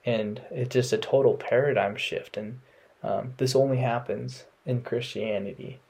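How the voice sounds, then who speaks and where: A young man hosting a casual faith podcast, talking in a relaxed, rambling way with many ums and restarts. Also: mid-range voice, a little slow, creaky, slightly rough. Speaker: podcast host. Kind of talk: casual devotional podcast talk.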